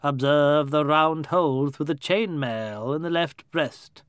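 Man doing a tour guide, formal recital, slightly high, smooth. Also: unhurried, no echo, studio quality, lightly acted.

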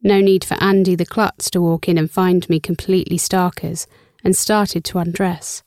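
A young woman with a lowish, mellow voice reads a first-person story with wry, sarcastic bite and casual swearing. The recording is dry and close on a studio mic, with no room sound. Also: flat delivery, moderate pace, no room sound. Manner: wry, sarcastic and freely profane. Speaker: audiobook narrator.

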